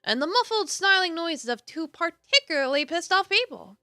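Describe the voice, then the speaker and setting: Woman streamer, high voice, very animated pitch, reading a game aloud, chatty asides, faint background music. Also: normal speed, dry recording, clean studio sound. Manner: expressive narration broken by casual asides and laughs.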